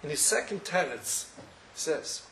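A man gives a Torah lesson in a fairly high voice. He chants quoted sources in a singsong lilt between plain explanations. The recording is roomy and echoey, with faint ambient noise behind him. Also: expressive, measured pace, fairly bright tone. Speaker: Torah teacher. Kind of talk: Talmudic study lecture.

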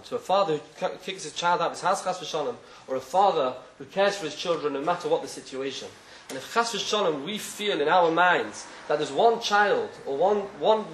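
A man delivers a sermon built around a folk parable. He talks quickly in a somewhat high voice and slips into the characters' voices as the story moves along. The room gives his voice a noticeable echo. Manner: animated storyteller, acts out voices in quotes. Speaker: speaker telling a parable.

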